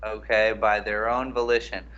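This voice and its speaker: A man co-hosting a casual film breakdown chat, making a measured, deliberate argument. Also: lowish voice, flat delivery, fairly bright tone, clean tone, highs cut off. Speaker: co-host.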